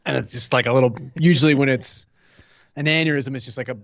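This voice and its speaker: Male co-host, relaxed explainer, dry slightly dull sound. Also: medium pitch, fast, vocal fry, no echo. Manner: loose, explaining medical terms plainly. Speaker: podcast co-host. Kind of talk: casual explaining.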